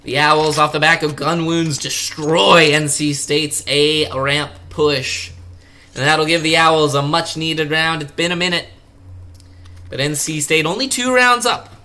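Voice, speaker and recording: A young man casting a college esports match live, with quick play-by-play and jokey asides. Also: on the high side. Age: young adult. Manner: excitable, jokey, bursts of sudden excitement. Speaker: esports caster.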